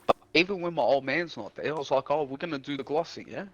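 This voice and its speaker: A man's voice: on the high side, quick pace, muffled recording. A man, a streamer and house painter, rambling through a work story full of swearing and acted-out quotes. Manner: rambling, swears a lot, acts out quoted dialogue. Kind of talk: casual storytelling chat.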